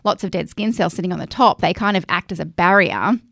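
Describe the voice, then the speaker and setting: A woman's voice: on the low side, quick pace, vocal fry, fairly bright tone, dry recording. Woman co-host, chatty and practical, dry close sound. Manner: chatty and practical, explains step by step. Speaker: podcast co-host giving skincare advice. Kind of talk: casual chat.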